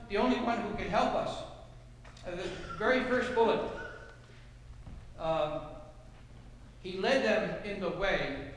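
A male pastor preaching a sermon, swinging from low, soft passages to loud shouted cries. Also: slight background noise. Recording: echoey hall with long reverb.

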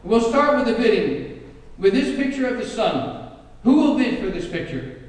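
A man's voice: sits high, moderate pace, a little mellow, close to an everyday voice. A man voicing a male auctioneer who keeps calling for bids in an announcing manner. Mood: insistent. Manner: announcing, insistent. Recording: echoey hall, distant mic.

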